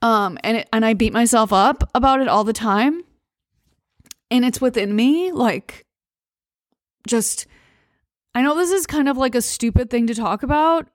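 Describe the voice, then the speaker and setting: An American woman hosting a podcast, talking through a personal story in a halting, emotional way with many pauses and restarts. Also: on the high side, dry recording, studio quality. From United States. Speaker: podcast host. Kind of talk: personal monologue.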